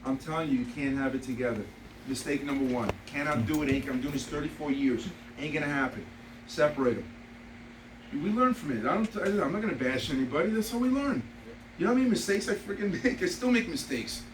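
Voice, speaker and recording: Man in his 50s, sales trainer, bit high-pitched, animated storyteller, recorded from afar in a roomy, noisy room. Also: quick pace, recorded from a distance. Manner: animated storyteller, laughs through anecdotes; blunt, repeats key points. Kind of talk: motivational sales training talk.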